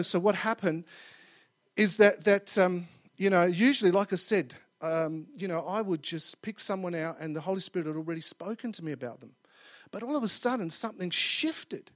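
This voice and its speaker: A man preaching a sermon to a live congregation, his voice sitting high for a man. He tells his story in an animated way, acting out the voices he quotes and rising loud at tense moments. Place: church or conference hall with live audience.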